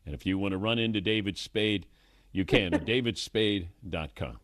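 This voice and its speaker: A man's voice: fairly low pitch, normal speed, a bit bright, no echo. Sports radio host, a man, dry ribbing tone, in a dead studio. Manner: dry teasing, laughs easily. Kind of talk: casual chat.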